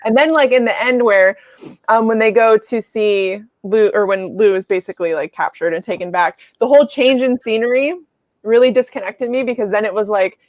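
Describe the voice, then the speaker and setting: Chatty woman with a bright, higher voice. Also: fairly quick, no echo. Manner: chatty, swears casually, acts out quotes. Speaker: book club host. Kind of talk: casual livestream book discussion.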